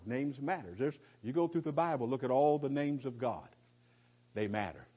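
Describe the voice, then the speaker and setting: A man's voice: mid-range voice, dark tone. Emphatic middle-aged man teaching Bible, lo-fi. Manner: emphatic, repeats phrases, asks rhetorical questions; restarts sentences, folksy asides. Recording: dull lo-fi recording.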